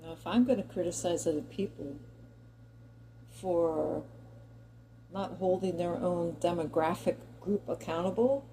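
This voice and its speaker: Middle-aged american woman ranting to camera, mellow low-key tone, wanders off topic, little bit of room hum behind her. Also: a little slow, long pauses, poor audio. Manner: chatty and digressive, talks directly to viewers. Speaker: commentary vlogger. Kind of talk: opinion monologue to camera.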